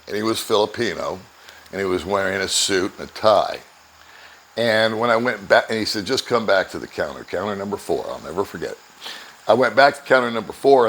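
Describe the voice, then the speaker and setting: A man's voice: fairly low pitch, a bit bright, a little hiss or hum, rough recording. An older American man casually telling a travel story, often chuckling and acting out both sides of conversations. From United States. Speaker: vlogger.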